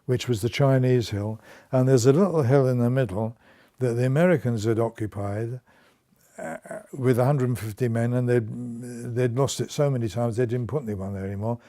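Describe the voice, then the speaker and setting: Older man, veteran, oral history interview, dark mellow voice, chuckles and restarts. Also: medium pitch, normal speed. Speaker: Korean War veteran.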